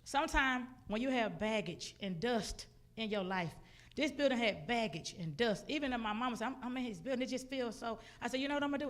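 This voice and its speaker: A woman giving a testimony sermon in a church, telling her story with animated delivery and acting out her own outbursts. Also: fairly high pitch, fast talker. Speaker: guest speaker. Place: church sanctuary.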